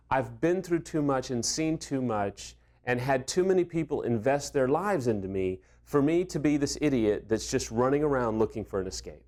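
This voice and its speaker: A man's voice: medium pitch, darkish tone. A middle-aged man speaking as a recovery coach, giving earnest, conversational advice and acting out bits of dialogue. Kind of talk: direct-to-camera advice talk.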